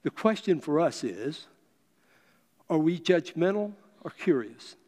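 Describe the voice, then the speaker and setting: A man telling a story to an audience in a deliberate, unhurried speech. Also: fairly high pitch, very animated, a little mellow. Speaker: speaker. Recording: long reverb of a large hall.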